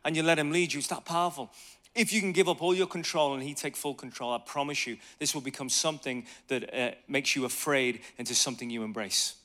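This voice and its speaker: A man in his thirties preaching a conversational sermon on evangelism, telling lively stories and asking the audience questions. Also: mid-range voice, fast talker.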